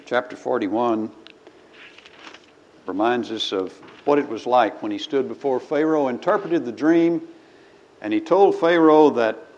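A medium-pitched man with a darkish tone delivers a church sermon, talking folksily and reading scripture with building emphasis. The recording is slightly dull, with faint ambience.

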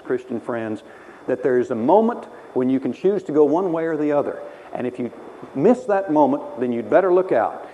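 A man preaching a sermon, animated, acting out the lines he quotes. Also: mid-range voice, a little hiss or hum, rough recording. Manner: animated, voices quoted speakers dramatically.

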